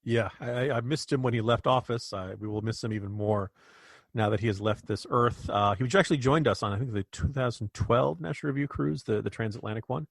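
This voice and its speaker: A man's voice: mid-range voice, a little fast, gravelly, dry recording, studio quality. An American man co-hosting a political podcast, speaking emphatically and indignantly with frequent restarts. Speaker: podcast co-host. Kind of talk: political commentary.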